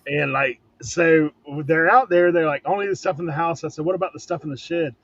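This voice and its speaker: A man's voice: fairly high pitch, fairly even intonation, brisk, a bit bright, dry recording, dull audio. A man in casual chat on a video call, telling a bargaining story with laughs. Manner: laughs through his stories. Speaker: reseller on a panel.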